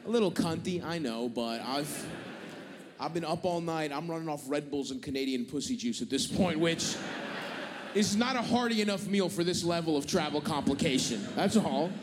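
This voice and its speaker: A man doing stand-up, his slightly raised voice ringing through a large theater with a long tail of reverb. He tells the story profanely and with growing exasperation, switching between himself and the people he argues with. Audience noise sits clearly under the live recording. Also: fairly high pitch, animated, normal speed. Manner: profane, exasperated, acts out both sides of arguments. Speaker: stand-up comedian.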